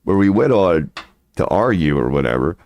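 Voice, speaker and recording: Here the channel host has a low, sing-song voice with a darkish tone and moderate pace. He rambles casually, crude and swaggering, swearing a lot and frequently laughing in the middle of sentences.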